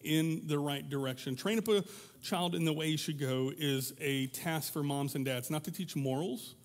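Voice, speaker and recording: A man with a somewhat high voice preaches a sermon in a church. He talks to the congregation in a loose, conversational way and acts out little quoted voices to make his points. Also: normal speed. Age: adult parent. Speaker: pastor.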